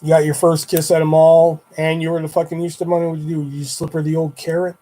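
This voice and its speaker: Young man, a bit high-pitched, casual livestream chat, rambling, swears a lot. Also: completely flat delivery, fast talker, warm tone. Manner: profane, rambling, laid-back. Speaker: streamer.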